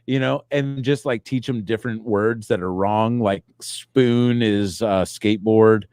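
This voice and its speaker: A man's voice: lowish voice, measured pace, hardly any pauses, a little mellow, dry recording, clean studio sound. A man co-hosting a comedy podcast in casual chat, wandering through long rambling hypotheticals. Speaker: podcast co-host.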